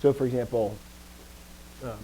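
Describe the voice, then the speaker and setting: A man teaches a relaxed Greek lesson at normal speed and with fairly even intonation, over a low-quality recording with a little hiss or hum. He often corrects himself and checks with the class, stressing words louder and higher to show emphasis.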